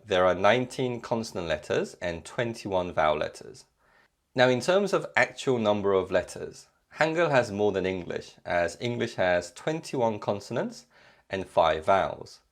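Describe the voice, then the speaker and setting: Guy teaching a lecture, low gravelly voice, really lively pitch, walks thru examples clearly. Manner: clear, measured explanation with spoken examples. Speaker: language teacher. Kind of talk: recorded lecture.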